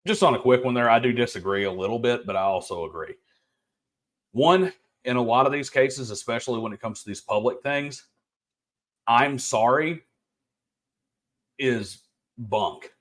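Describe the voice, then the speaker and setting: A man co-hosting a commentary, talking earnestly and reasoning things through, quickening as he makes his case. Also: medium pitch. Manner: earnest, reasoned, speeds up when making a point. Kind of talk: casual opinion commentary.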